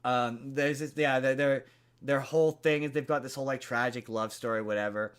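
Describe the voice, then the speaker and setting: A man's voice: mid-range voice, steady tone, a little fast, clear, resonant tone. A man hosting a podcast, casually retelling a movie's plot in a rambling way, full of fillers and restarts. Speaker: podcast host.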